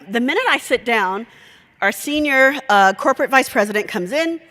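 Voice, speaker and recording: A woman speaking at a conference with a sharp, bright tone that sits a little high. She tells a lively story and acts out the dialogue. Her voice echoes around a large conference hall. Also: moderate pace.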